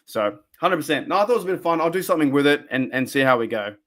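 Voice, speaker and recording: A man's voice: on the high side, very fast. Rambling Australian man on a fan stream. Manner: rambling, excitable, talks to chat viewers. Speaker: fan podcast host. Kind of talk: casual live-stream chat. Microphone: desk microphone for a live stream.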